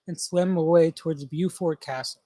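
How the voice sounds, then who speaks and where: A man's voice: fairly high pitch, steady tone, normal speed, warm tone, no room sound. A man hosting a casual tabletop gaming podcast, reading monster lore aloud and stumbling over place names. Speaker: podcast host.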